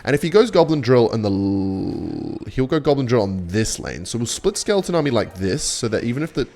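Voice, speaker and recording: A young man giving casual, sarcastic play-by-play of his own match, boastful and quick to swear. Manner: cocky, sarcastic, swears a lot, lively pitch swings. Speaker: gaming content creator. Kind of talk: live gameplay commentary.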